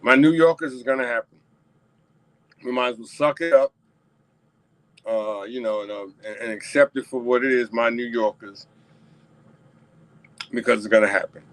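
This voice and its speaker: A man's voice: mid-range voice, moderate pace, long pauses, fairly bright tone, dry recording, rough recording. Emphatic New man riffing solo. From New York. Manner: emphatic, repetitive, addresses viewers directly. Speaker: talk show host. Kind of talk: casual solo commentary.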